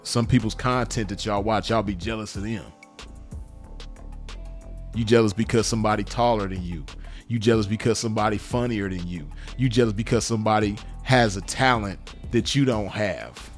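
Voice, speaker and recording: A man's voice: on the low side, normal speed, soft background music. A man, speaking in a blunt, profane, repetitive unscripted monologue to camera. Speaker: vlogger.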